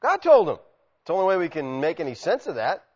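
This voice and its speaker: A man preaching a sermon, animated, acting out quotes and swinging from loud shouts to quiet asides. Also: fairly high pitch, a little fast, breathy edge. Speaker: pastor. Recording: muffled sound with long hall reverb.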